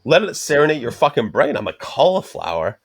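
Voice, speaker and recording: A man's voice: on the high side, fast, creaky, slightly rough, no room sound, studio quality. A man on a podcast telling a rambling, profanity-filled story and acting out the other people in it. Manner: profane, animated storytelling with acted quotes. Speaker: podcast co-host. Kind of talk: casual chat, storytelling.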